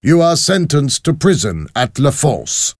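A man's voice: fairly high pitch, very animated, measured pace, dry recording, studio quality, voice pushed up. A man voicing a stern male revolutionary guard who delivers accusations in a storybook reading. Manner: curt, accusing.

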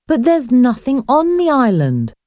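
A woman's voice: high-pitched, wildly swooping pitch, measured pace, a little mellow, no echo, studio quality, voice pushed up, full character voice. A woman voicing a cautious, worried young woman caught on a ghost ship.

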